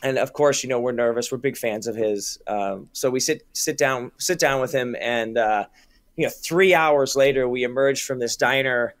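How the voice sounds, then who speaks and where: A man, a film director being interviewed, telling an animated story with lots of restarts and quoted dialogue. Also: mid-range voice, normal speed, no room sound, clean studio sound. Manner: animated anecdotes, many restarts and acted quotes.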